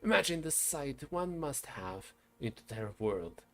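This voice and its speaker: A man voicing an eccentric, rambling gentleman obsessed with animals, in a whimsical, posh manner. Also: medium pitch, very animated, unhurried.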